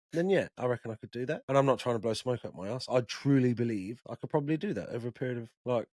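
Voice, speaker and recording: A man co-hosts a casual podcast at a mid pitch. He tells stories with lively, sweary energy. His voice sounds dry and close to the mic. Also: no echo. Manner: animated storyteller, swears freely. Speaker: podcast co-host. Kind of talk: casual chat.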